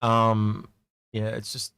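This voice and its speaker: A man's voice: lowish voice, monotone, slow pace, creaky, sharp tone, clean tone, dry recording, studio quality. A man chatting casually as a podcast co-host, rambling with lots of restarts. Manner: rambling, many restarts, acts out quoted voices. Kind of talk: casual chat.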